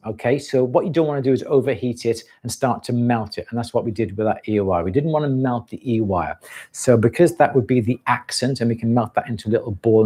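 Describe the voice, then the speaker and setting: A man hosting a live stream, answering viewers' questions with relaxed, practical explanations and frequent fillers. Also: mid-range voice. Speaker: jewellery-making host answering questions.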